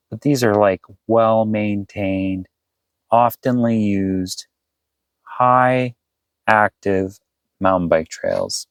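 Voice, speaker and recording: A man's voice: lowish voice, dry recording, poor audio. A man chatting casually to his viewers in a vlog, rambling and thinking aloud as he plans his route. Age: adult, past eighteen. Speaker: vanlife vlogger. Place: inside his camper van.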